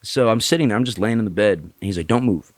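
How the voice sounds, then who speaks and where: Animated man telling a story, dry sound. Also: fairly low pitch, rapid-fire, dry recording. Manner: animated, swearing freely, acts out other people. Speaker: podcast guest. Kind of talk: casual storytelling. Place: Tampa area.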